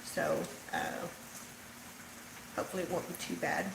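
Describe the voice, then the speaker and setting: A woman's voice: on the low side, sing-song, moderate pace, gravelly, roomy sound, noisy background. An older woman with a Texan Southern drawl, hosting a casual livestream from her home kitchen, chatting and answering viewer comments as she cooks. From Texas. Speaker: host. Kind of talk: casual livestream cooking chat.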